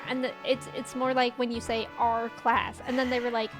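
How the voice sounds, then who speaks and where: A woman's voice: on the high side, brisk. A young woman with a Midwestern American accent, chatting casually and giggling with viewers while she streams a game. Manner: giggly, rambling, chats with viewers. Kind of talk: casual gameplay livestream chat. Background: game music.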